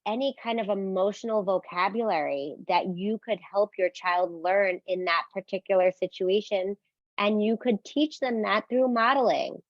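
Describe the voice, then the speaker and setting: A woman explaining parenting skills in an instructional talk, calm and clear, often checking in with a quick "right?". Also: medium pitch, dry recording. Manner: explains calmly, asks "right?", acts out sample phrases for parents. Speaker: parenting educator. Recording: dry, slightly dull and lo-fi.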